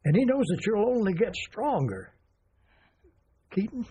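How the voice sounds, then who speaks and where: An older man playing a proud, unbending grandfather who talks haltingly at first, then turns firm and lecturing. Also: sits high, big pitch swings, warm tone, slight background noise. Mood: gentle. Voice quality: raspy.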